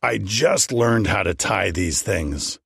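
A man's voice: sits low, animated, slow, vocal fry, a bit bright, husky, no echo, clean studio sound, full character voice. A man voicing a chatty male baker who is eager to please.

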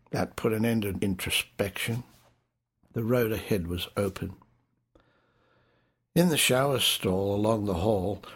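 A man reading a first-person memoir in a measured, wry storytelling manner. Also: on the low side, slightly rough. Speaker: audiobook narrator.

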